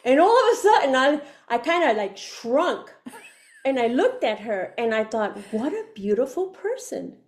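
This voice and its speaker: A woman's voice: high voice, sing-song, moderate pace. A woman giving her faith testimony as a guest, telling it with feeling, acting out her inner voices and laughing often. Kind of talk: emotional storytelling.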